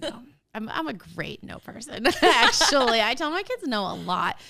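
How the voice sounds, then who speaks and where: A woman in her forties hosting a casual podcast, talking straight to parents in an animated, emphatic way and often laughing. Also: on the high side, moderate pace, vocal fry. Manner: talks straight to listeners as a parent. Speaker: podcast host.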